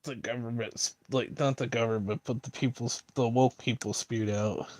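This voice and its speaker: Man, mid-pitched, dry close sound; loose rambling streamer delivering a mocking monologue. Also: fairly even intonation, normal speed, a little mellow, no echo. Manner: rambling, filler-heavy, mocking.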